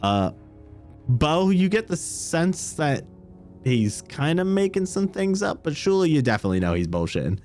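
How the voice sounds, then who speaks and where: A man narrating a tabletop game as game master, in a relaxed, rambling storytelling way. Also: a little high, normal speed, faint music behind.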